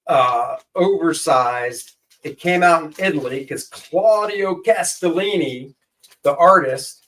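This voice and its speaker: A man's voice: on the high side, recorded from a distance. A man co-hosting a casual chat, answering with dry, sarcastic retorts. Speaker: co-host.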